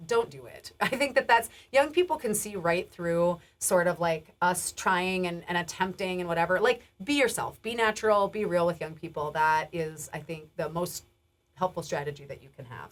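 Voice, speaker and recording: A woman health educator giving a recorded training lecture, casual and chatty with frequent laughs, restarts, and a rising lilt at the ends of phrases. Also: lowish voice. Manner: casual, warm, laughs often, many restarts and fillers.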